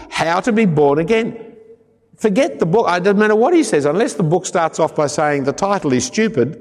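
A man's voice: fairly high pitch, darkish tone. A man preaching a sermon, emphatic and prone to joking asides. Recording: long reverb of a large hall.

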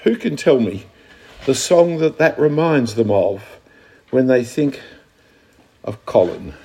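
Lively, husky-voiced man preaching. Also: mid-range voice, takes it slowly. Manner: lively, conversational teaching with questions to the audience. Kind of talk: sermon.

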